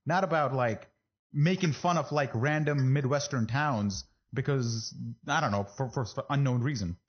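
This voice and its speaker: A man hosting a casual podcast, relaxed and easily amused. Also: medium pitch, moderate pace, husky, highs cut off. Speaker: podcast host. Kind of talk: casual chat.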